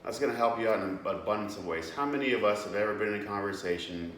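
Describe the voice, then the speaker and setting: A young man hosts a casual devotional talk in a lowish, slightly bright voice, speaking fast. Earnest and plain-spoken, he uses many fillers and restarts, recorded far from the mic in an echoey room with faint background noise.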